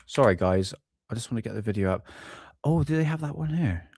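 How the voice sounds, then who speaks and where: A man's voice: mid-range voice, animated, a little fast, a little mellow, slightly rough, no room sound, studio quality. Rambling man live-streaming. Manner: rambling, swears while fumbling with videos. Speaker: UFO channel host. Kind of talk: casual live stream chat.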